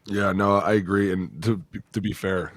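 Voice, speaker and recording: A man with a fairly low voice tells football stories in an animated, laughing way and swears freely. He is recorded dry and close on a podcast mic. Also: normal speed, no echo. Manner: animated storyteller, profane, laughs often. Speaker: podcast co-host, former NFL lineman. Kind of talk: casual sports chat. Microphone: studio podcast mic.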